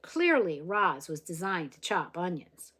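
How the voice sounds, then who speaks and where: A woman reading a children's novel aloud, expressive and gentle, with small slips here and there. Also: on the low side, a little slow, slightly rough. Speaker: reader.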